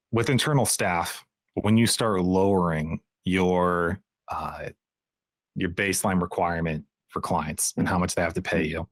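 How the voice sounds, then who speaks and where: Low-voiced male co-host asking questions. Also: dry recording. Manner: thoughtful, halting questions with fillers. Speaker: podcast co-host. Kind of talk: casual conversational interview.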